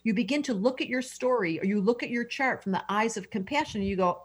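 A woman's voice: a little high, brisk, few pauses, husky. A middle-aged woman, an astrologer guest, talking effusively and emotionally in an interview, often restarting her sentences. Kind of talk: enthusiastic interview talk.

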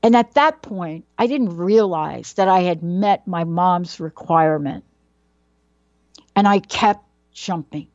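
A woman's voice: on the low side, slow, darkish tone, no echo, lo-fi sound. A woman telling a personal childhood story in a dramatic way, building suspense with questions and repetition.

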